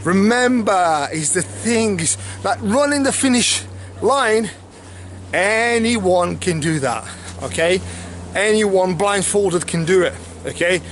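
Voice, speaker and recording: A man who is a fitness trainer, talking fast and casually to camera, often repeating "okay" and "obviously". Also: high-pitched, lively intonation, slight background noise. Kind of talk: casual motivational talk to camera.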